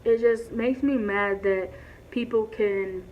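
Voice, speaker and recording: A woman vlogging in a casual, rambling way, speaking loudly and filling her talk with "like" and restarts. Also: mid-range voice, fairly even intonation, takes it slowly. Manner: talks loud. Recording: dull lo-fi sound with faint hiss.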